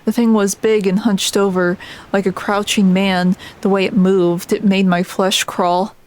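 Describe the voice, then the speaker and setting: A woman's voice: mid-range voice, little pitch movement, a little mellow, lightly acted. A woman reading out the lines of a grim, vengeful old fisherman from a game, plainly and with small stumbles, in her own everyday voice. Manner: reads the lines plainly, halting on some words. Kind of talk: reading game dialogue aloud.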